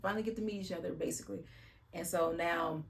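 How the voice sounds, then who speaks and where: A woman's voice: fairly low pitch, fairly even intonation, quick pace, creaky. Chatty blunt woman recapping reality TV. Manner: chatty, blunt, slangy retelling with sighs. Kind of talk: casual recap commentary.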